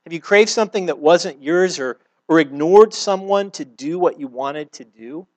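A man's voice: fairly high pitch, moderate pace, dry recording. Earnest middle-aged male preacher, dry sound. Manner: earnest, conversational preaching with everyday examples; repeats words when restarting. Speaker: pastor. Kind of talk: sermon.

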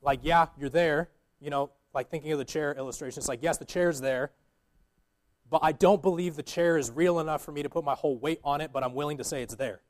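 A man's voice: fairly high pitch, brisk. A young man giving an earnest, informal sermon as a guest preacher, with many fillers and restarts.

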